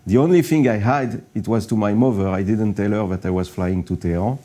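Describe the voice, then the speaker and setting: Guy being interviewed, deep-ish mellow voice, lots of uhs. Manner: halting, many fillers. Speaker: guest, news channel founder. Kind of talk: interview storytelling.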